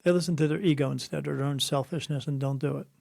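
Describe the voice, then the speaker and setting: A middle-aged man speaks as a guest in an interview, a spirit medium who tells stories bluntly and preaches his point. His voice sits a bit high and carries a gravelly rasp. He acts out the people in his anecdotes. The sound is close and dry. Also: steady tone, fast, a little mellow, no echo. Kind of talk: conversational interview, storytelling.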